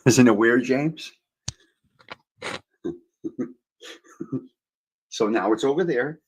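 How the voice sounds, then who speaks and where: His medium-pitched voice is slightly rough, with drawn-out words and long pauses, captured in a low-quality recording. Sounding a bit worn after a long night, the livestream host reads comments and jokes with viewers by name on a casual morning stream, moving a cheap handheld mic near and far.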